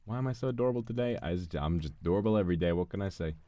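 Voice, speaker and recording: A man's voice: deep voice, animated, very fast, dark tone, no room sound. A male streamer chatting casually during a game, playful and flirty as he thanks donors. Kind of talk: casual gaming stream chat.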